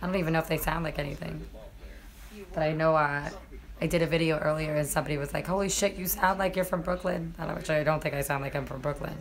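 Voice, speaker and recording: A woman's voice: deep voice, fairly even intonation, quick pace. A young woman, chatting casually and cursing as she talks to viewers on a live stream. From New York.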